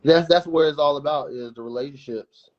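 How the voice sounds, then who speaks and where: A man co-hosting a podcast live stream with a husky voice, joking and laid-back in casual talk. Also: on the high side, a little fast, darkish tone, muffled recording. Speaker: podcast co-host.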